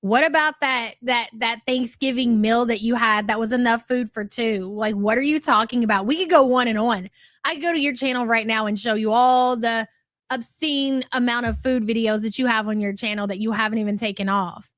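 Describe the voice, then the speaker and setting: A woman's voice: a little high, fairly even intonation, a little fast, fairly bright tone, no room sound, clean studio sound. A woman hosting a commentary livestream, reading super chats aloud in a sarcastic, incredulous, teasing way. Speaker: commentary channel host.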